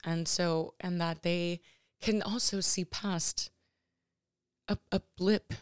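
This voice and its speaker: A woman in her thirties hosting her own podcast, talking personally and emotionally in a halting way with many restarts and fillers. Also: lowish voice, fairly even intonation, clear, resonant tone, dry recording, studio quality. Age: 30s. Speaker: podcast host.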